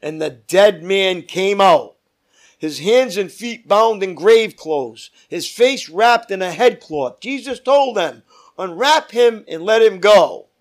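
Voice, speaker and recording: A man leading a Bible study as pastor, reading scripture aloud with emphatic rises and dropping to quiet asides. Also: high voice, expressive, slow.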